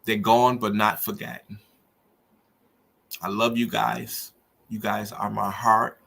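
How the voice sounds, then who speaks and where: A man's voice: fairly low pitch, level tone, slow pace, vocal fry, a bit bright, husky. A middle-aged man hosting a podcast, talking earnestly and preacherly about grief and faith. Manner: earnest, preacherly, rising with feeling. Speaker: podcast host. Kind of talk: emotional personal monologue.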